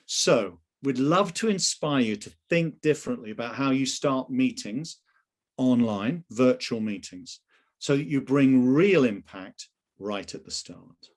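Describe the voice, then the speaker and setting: Middle-aged guy running a sales webinar over a video call, lively up-and-down voice, chatty, keeps asking the audience stuff. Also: medium pitch, a little slow. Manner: animated, conversational, asks the audience questions. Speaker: webinar presenter and sales coach. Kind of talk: live webinar presentation.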